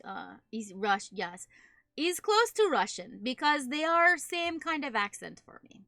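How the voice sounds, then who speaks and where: A woman's voice: high voice, pushed and bright, no echo, studio quality, heavily acted. A woman streamer putting on a broken-English character with a mock German accent, dropping her articles in clipped phrases. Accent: put-on German. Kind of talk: playful put-on voice while streaming.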